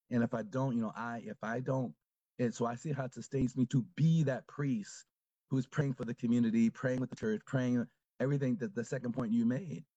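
A man who is a Catholic priest, talking reflectively in a casual conversation, with halting speech and many fillers. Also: mid-range voice, dark tone, no room sound, dull audio.

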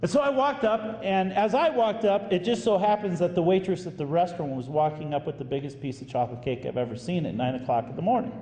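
A priest telling a story in a sermon, animated and acting out the voices of the people in it. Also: male voice, high voice, fast, few pauses, a little hiss or hum. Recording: echoey hall with faint room ambience.

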